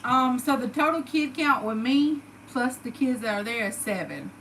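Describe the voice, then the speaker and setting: A woman's voice: on the high side, animated, normal speed, a bit bright, slight background noise, rough recording. A woman with a Southern US accent chatting to her followers, emotional and full of fillers. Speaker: vlogger. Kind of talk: casual storytelling to followers.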